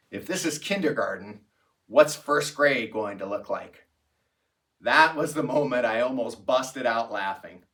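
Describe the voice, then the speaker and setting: A man narrating a personal anecdote in a reflective, unhurried storytelling manner. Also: on the high side, fairly bright tone, far from the mic. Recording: voice set back from the mic.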